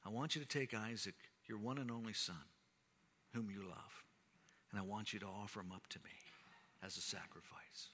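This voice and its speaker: A preacher voicing God, speaking to a follower in a hushed, near-whispered way. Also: male voice, on the high side, fairly even intonation, takes it slowly, slight background noise. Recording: long hall reverb.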